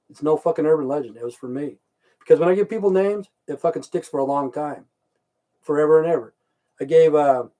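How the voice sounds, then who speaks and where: Profane rambling man, soft low-key voice. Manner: crude, swearing, repeats himself. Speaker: livestream host.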